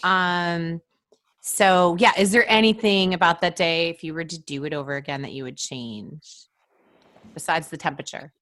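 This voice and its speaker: A woman's voice: fairly low pitch, moderate pace, a bit bright. A woman hosting a podcast, asking questions in a playful, upbeat way. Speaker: podcast host. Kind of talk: interviewing.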